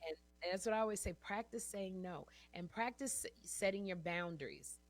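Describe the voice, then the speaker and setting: A woman's voice: mid-range voice, fairly quick. A woman in her fifties, a guest in a casual interview, telling stories animatedly, acting out quotes and laughing often. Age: 50s.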